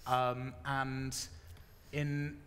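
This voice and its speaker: A man's voice: medium pitch, level tone, very slow, a bit bright, slight background noise. A man on a live podcast panel, talking in a rambling, self-deprecating way. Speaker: podcast panelist and script writer. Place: stage at a live convention. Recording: echoey hall at a live event.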